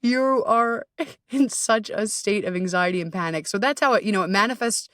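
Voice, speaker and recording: A woman's voice: medium pitch, normal speed, fairly bright tone, dry recording, recorded from a distance. A woman hosting a podcast as a coach, talking candidly and self-deprecatingly, swearing freely and laughing often.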